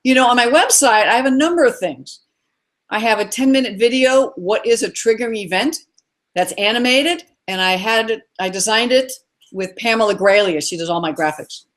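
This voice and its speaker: A middle-aged woman speaking as a guest on a live video call interview, earnest and encouraging, running through lists of ideas. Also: fairly high pitch. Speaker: guest expert.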